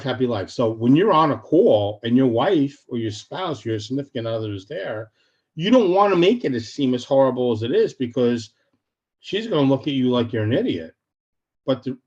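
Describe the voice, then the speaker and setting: A man talks bluntly and with plenty of energy in casual interview chat, acting out little scenes of what people tell their bank. His voice sits at a middling pitch, and the recording sounds slightly dull and lo-fi. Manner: blunt, animated storytelling with acted-out quotes. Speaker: real estate short sale specialist, podcast guest.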